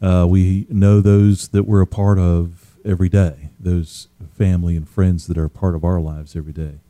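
Man, radio host, very deep voice, warm and dark, halting reflective delivery, dry studio sound. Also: flat delivery, dry recording. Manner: measured, halting, many "uh"s.

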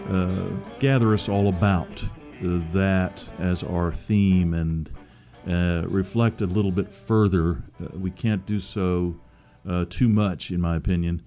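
Older male talk radio host, deep mellow voice, unhurried, pauses with "uh.". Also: fairly even intonation, soft background music. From Seattle area, USA. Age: 60s. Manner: halting, many uh fillers. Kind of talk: casual radio interview.

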